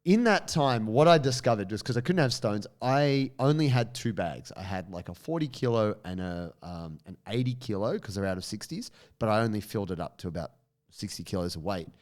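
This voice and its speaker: Animated man telling stories. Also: fairly low pitch, fairly quick. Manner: animated storyteller, swears, laughs often. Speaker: podcast co-host. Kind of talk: casual chat.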